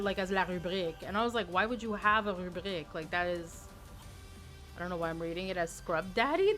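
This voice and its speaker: 遊び心のある、おしゃべりな女性配信者。背景にかすかな音楽。. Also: female voice, medium pitch, a bit bright. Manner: playful, chatty, often repeats words as she restarts. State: tired. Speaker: streamer. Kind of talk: casual live-stream chat with viewers.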